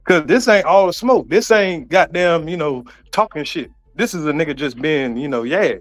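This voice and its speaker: A man's voice: fairly high pitch, animated, normal speed, soft background music. Defensive man in a heated argument. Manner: defensive, repeats himself. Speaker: panelist in online debate.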